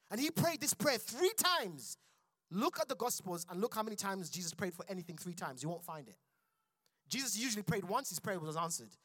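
A man's voice: sits high, sing-song, a little fast, fairly bright tone, dry recording. Impassioned male preacher, dry close sound. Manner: preaching with rising intensity, calls to the congregation. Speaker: pastor. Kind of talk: sermon. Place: church.

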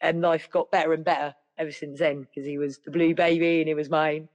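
A middle-aged woman, a podcast guest telling stories in a lively, casual way. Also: sits low, brisk. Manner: lively, acts out other people's voices. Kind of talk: casual storytelling.

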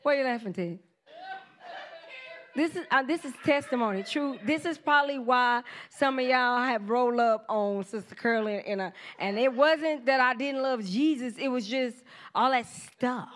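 Woman in her forties, high voice, casual sermon testimony, animated and chatty with the congregation. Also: normal speed. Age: 40s. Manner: animated storytelling, acts out quoted voices, laughs often; informal church talk, addresses the congregation directly. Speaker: preacher giving testimony.

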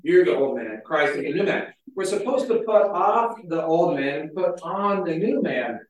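A pastor with a slightly high, animated voice preaches at a moderate pace, delivering a casual, conversational sermon full of stories. He's chatty and leans on filler words, especially "like." The recording comes from a very echoey hall with the mic placed far away.

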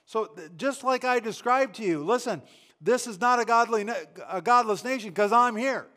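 A male preacher with a fairly high-pitched voice delivers a sermon. His delivery is fervent and emphatic. He stumbles into restarts and repeats himself as he presses each point. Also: moderate pace, bright, forceful tone.

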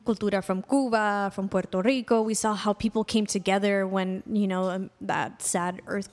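A young adult woman from a Salvadoran American background, co-hosting a podcast in casual chat, talking freely with many fillers and restarts. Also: mid-range voice. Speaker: podcast co-host.

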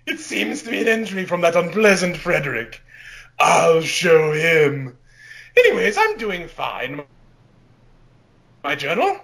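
A man's voice: a little high, big pitch swings, a little slow, vocal fry, pauses often, a bit bright, heavily acted. A man voicing a gleeful, murderous male alter ego who talks in a grandiose way and cackles. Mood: gloating.

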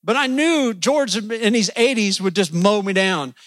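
A man's voice: sits high, measured pace, fairly bright tone, no echo. A man preaching a sermon in a church, folksy and joking with the congregation.

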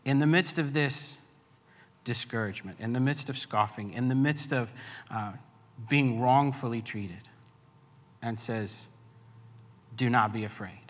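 Male pastor, earnest preacher who builds on repetition; bright, forceful voice in a reverberant hall. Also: mid-range voice, unhurried, pauses often. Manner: earnest, builds emphasis with repeated phrases. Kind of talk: sermon.

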